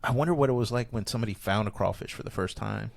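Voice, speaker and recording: A man, a comedian, talking casually on a podcast, rambling and animated, with many restarts. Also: on the low side, racing, creaky. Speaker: comedian guest.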